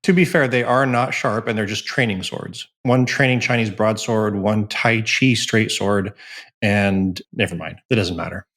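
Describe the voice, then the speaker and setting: A man's voice: fairly low pitch, fairly even intonation, normal speed, a bit bright. A man chatting as a guest on a podcast, easygoing with self-deprecating humor, over a remote call. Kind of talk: casual podcast chat.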